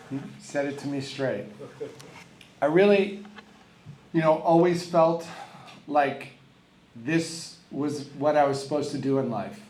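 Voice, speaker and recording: A man's voice: fairly high pitch, takes it slowly, pauses often, a little mellow, a little hiss or hum. Wry middle-aged man in an echoey hall. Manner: self-deprecating storyteller, candid and wry. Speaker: hall of fame inductee, college tennis coach. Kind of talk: acceptance speech. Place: large banquet hall. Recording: echoey hall with faint room ambience.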